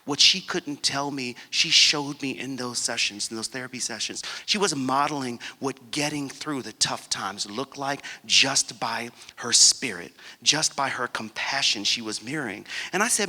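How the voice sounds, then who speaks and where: A man in his forties gives a keynote, telling his personal story with emphasis. His voice is strikingly bright and tense. Long reverb from a large conference hall trails behind every phrase. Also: medium pitch, lively intonation, moderate pace, few pauses. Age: 40s. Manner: earnest, emphatic storytelling that acts out dialogue. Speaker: keynote speaker.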